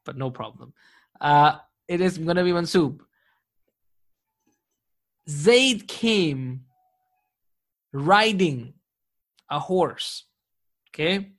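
A man's voice: fairly high pitch, animated, drawn-out words, long pauses, fairly bright tone. A man teaching an Arabic grammar class live online, patient and encouraging, often chuckling.

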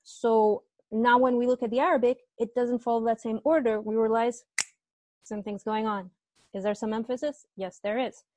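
A woman's voice: a little high, steady tone, moderate pace, a little mellow, a little hiss or hum. A woman teaching Arabic grammar to students online, explaining patiently step by step and asking them questions, speaking through earbuds on a video call.

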